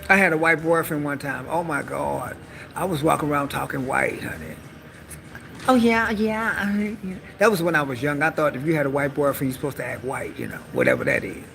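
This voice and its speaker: Sassy woman with gravelly bright voice. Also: extremely low pitch, lively intonation, fast talker, a little hiss or hum. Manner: sassy, bawdy, calls listeners honey. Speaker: live-stream comedian. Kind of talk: stand-up style live-stream monologue.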